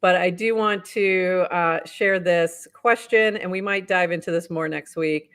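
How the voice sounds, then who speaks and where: A woman's voice: fairly low pitch, fairly even intonation, measured pace, a bit bright, clear, resonant tone. A woman co-hosting a casual talk show, upbeat, reading posts aloud and laughing often. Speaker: podcast co-host. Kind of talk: casual news roundup chat.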